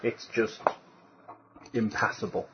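Calm man narrating as game master. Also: takes it slowly, background noise. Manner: calm, descriptive, amused. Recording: dull lo-fi home recording.

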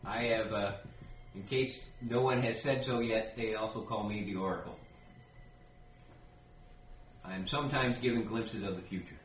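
A man playing a tabletop game, speaking in character in a measured, formal way, heard in an echoey room from a distant mic with faint noise. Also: on the low side, steady tone. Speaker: player.

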